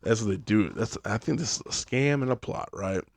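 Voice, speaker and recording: A man's voice: lowish voice, brisk, no echo. A man hosting a podcast, telling a rambling, profane comic story full of "like". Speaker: podcast host. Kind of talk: casual comedic storytelling.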